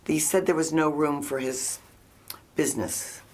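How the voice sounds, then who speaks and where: An older woman telling a story in casual chat, animated and dramatic as she acts out the voices. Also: low voice, measured pace. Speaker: reality show housemate.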